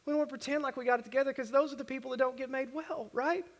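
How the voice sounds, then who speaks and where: Male pastor, very high voice, earnest and conversational sermon, long church-hall reverb. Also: steady tone, racing. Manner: conversational, earnest preaching with acted prayers. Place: church worship center.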